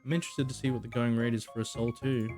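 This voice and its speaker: A man's voice: medium pitch, level tone, fast, darkish tone, faint music behind, close to an everyday voice. A man voicing a cheerful young female student friend, easygoing and chatty.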